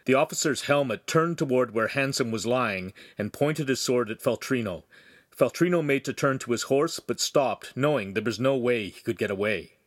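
Guy reading an audiobook, steady and even, super dry recording. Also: mid-range voice, normal speed, no echo. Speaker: audiobook narrator. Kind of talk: scripted story narration.

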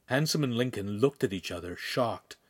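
A man reading a young adult novel aloud as narrator, steady and measured. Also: mid-range voice. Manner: steady storytelling, voices characters. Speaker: audiobook narrator. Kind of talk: scripted narration.

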